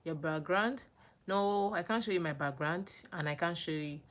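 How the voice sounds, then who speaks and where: A young Nigerian woman hosts a casual livestream, her voice on the low side and her speed normal. She greets viewers by name and answers their comments, staying animated and often repeating names and phrases.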